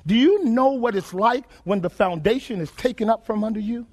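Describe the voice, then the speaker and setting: A male preacher with an unusually high-pitched voice delivers an emphatic sermon. He keeps throwing questions back at the congregation and drives his points home by repeating phrases in rhythm. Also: fairly quick, darkish tone. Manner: emphatic call-and-response questioning.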